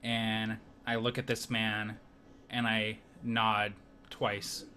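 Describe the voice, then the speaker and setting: A man playing a tabletop game, describing his character's actions in a deliberate way. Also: on the low side, monotone, bright, forceful tone, slight background noise. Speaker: player.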